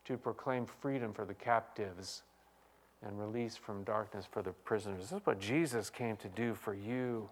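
Pastor guy preaching, gets loud then drops way down soft, reads bible verses, talks to the congregation. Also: fairly low pitch, normal speed. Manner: dynamic preaching, swinging from loud exclamations to hushed quiet. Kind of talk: sermon.

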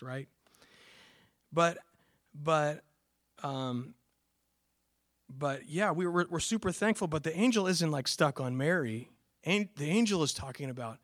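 Male pastor, casual sermon, slightly high voice, dry close sound, emphatic bursts, fillers and restarts. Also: a bit bright, dry recording. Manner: conversational, many fillers and restarts, bursts of emphasis on quoted words.

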